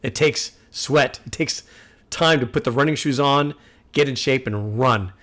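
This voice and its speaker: A man's voice: medium pitch, a little slow, a bit bright. A man hosting a music reaction video, talking earnestly and repeating himself like a sermon. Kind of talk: casual reaction commentary.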